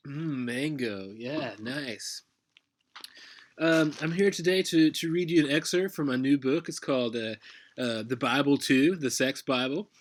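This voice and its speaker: A man's voice: medium pitch, measured pace, slight background noise, lightly acted. A man playing a laid-back smug god's son. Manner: laid-back, mumbling, full of fillers. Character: smug male deity, lazy pickup artist. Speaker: comedy performer. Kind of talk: comedic reading.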